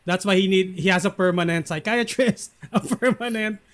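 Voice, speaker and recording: A man's voice: high-pitched, moderate pace, a bit bright. A man, co-hosting a casual recap chat, rambling with many fillers and restarts. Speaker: podcast co-host.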